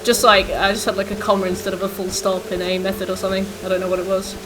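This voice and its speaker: A young woman streaming a game and chatting with her viewers in a loose, rambling way. Her talk is full of "like" and "um", and her pitch sits in an ordinary middle range. A faint hiss of noise runs behind her voice. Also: flat delivery, quick pace. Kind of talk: casual chat with viewers while gaming.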